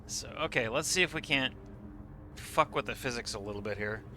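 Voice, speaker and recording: A man's voice: medium pitch, a little fast, pushed and bright, slight background noise. A man streaming a game live, explaining what he sees with enthusiasm and casual swearing. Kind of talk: live gameplay commentary.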